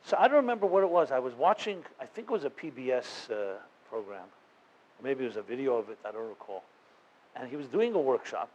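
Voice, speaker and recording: A man's voice: medium pitch, expressive, brisk, muffled recording. A man, a rabbi, telling a story to a live audience in an earnest, conversational way, with many fillers and restarts. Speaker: rabbi and guest speaker.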